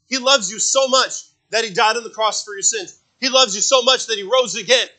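A man preaching a sermon as pastor, repeating phrases for emphasis and swinging between loud emphatic peaks and hushed low passages. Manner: repeats phrases for emphasis, asks the congregation for amens.

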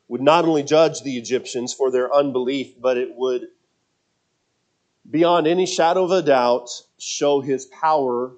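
A man's voice: mid-range voice, a little mellow. A man preaching a sermon, earnest and emphatic, often repeating words as he restarts his thoughts.

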